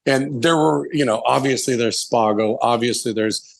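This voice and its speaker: A man's voice: medium pitch, normal speed, gravelly. A man in his forties, a chef guest telling long candid stories, rambling and swearing freely. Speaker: chef and restaurant owner, podcast guest. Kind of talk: casual storytelling interview.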